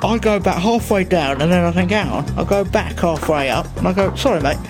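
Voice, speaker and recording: A man telling an improvised comic tall tale, rambling with stumbling restarts and deadpan swearing. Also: sits high, fairly quick, over music.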